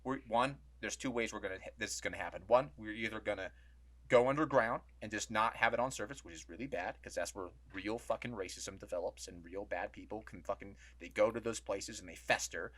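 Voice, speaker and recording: A man's voice: lowish voice, brisk, fairly bright tone. A man on a podcast as a guest, ranting heatedly in casual chat and swearing often.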